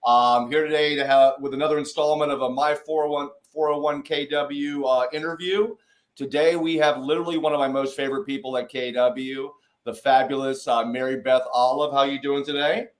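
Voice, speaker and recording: A man's voice: medium pitch, steady tone, a little fast. A man hosting a casual interview, upbeat and enthusiastic in his delivery. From Atlanta, Georgia. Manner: upbeat, hype-style talker. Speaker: interview host.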